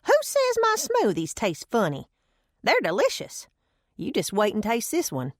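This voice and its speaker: A woman's voice: medium pitch, big pitch swings, normal speed, no echo, pitched above the performer's own voice. A lady narrator doing a folksy old granny, stubborn about her herbs, homespun way of talking, dry close sound. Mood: insistent. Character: folksy old grandmother, stubborn herbal-remedy lover.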